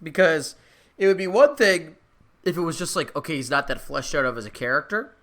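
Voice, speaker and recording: A man chatting as a podcast co-host, opinionated and wry. His bright voice swings up and down a lot as he makes emphatic points. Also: a little high, expressive, a little fast. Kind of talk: casual chat.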